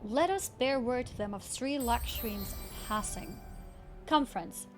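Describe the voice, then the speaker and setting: A woman reading a dignified, formal leader of a sisterhood in her own voice, slow and measured, over game music. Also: on the high side, lively intonation.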